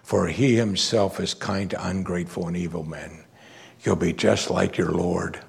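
Guy preaching a sermon, a bit husky, gets soft then really punches the key lines. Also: low voice, normal speed. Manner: animated preaching, swinging between soft asides and raised, emphatic declarations. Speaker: pastor.

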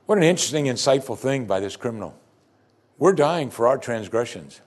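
This pastor's voice sits at a medium pitch and moves along briskly with plenty of animation. Earnest and emphatic, he keeps circling back to key phrases, and between passages of scripture he drops into chatty asides.

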